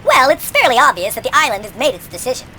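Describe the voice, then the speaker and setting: A woman playing a matter-of-fact crew member who talks in a deadpan, reasoning way. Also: high-pitched, quick pace, a little hiss or hum, exaggerated voice.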